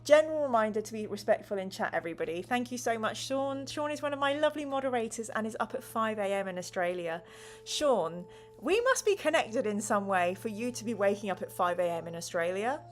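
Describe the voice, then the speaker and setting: A woman's voice: a little high, expressive, fairly quick. Bubbly woman streaming a gamebook. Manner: bubbly, laughs often, reads chat aloud. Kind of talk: live-stream gamebook play and chat reading.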